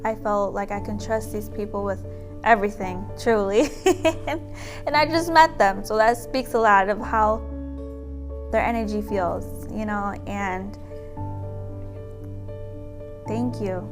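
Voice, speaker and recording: A woman's voice: medium pitch, steady tone, a little slow, over music. A young woman telling her own story as a pregnancy center client, chatty and emotional, full of gratitude. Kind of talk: testimonial video.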